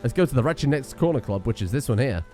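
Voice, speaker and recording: A man's voice: medium pitch, lively intonation, quick pace, darkish tone, faint music behind. A British man doing casual, sarcastic let's-play commentary, swearing and laughing in asides as a gaming streamer.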